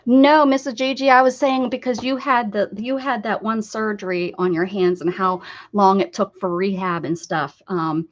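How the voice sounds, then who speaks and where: A woman's voice: mid-range voice, fairly even intonation, normal speed, few pauses. A woman with an American accent chatting casually on an art live stream, rambling, laughing and answering viewer comments. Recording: slightly dull lo-fi stream audio.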